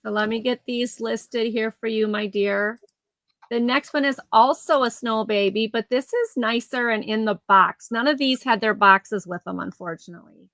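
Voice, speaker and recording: Woman, rambling live-sale seller; higher voice, dry close sound. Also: normal speed, a bit bright, no echo, poor audio. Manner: chatty, rambling, laughs easily. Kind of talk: casual live auction chat. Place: home, near her garage.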